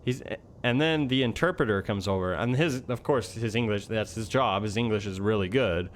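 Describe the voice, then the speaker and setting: A man's voice: lowish voice, moderate pace, slight background noise. A young man telling a story in a casual, rambling way with many fillers. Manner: rambling, heavy use of fillers. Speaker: vlogger.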